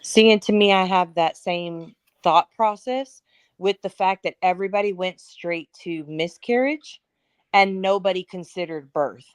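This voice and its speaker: Lower-voiced woman on a panel. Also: measured pace, smooth, dry recording. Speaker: panel guest. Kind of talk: casual panel discussion.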